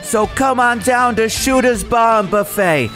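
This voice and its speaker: Man as a brash radio ad announcer, high voice, hard-sell pitch, music bed behind. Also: measured pace, fairly bright tone.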